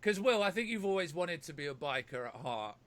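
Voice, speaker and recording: A man's voice: on the high side, very animated, fairly quick, a bit bright, dry recording. A man, a band member, prompting a bandmate and retelling a shared memory in casual chat.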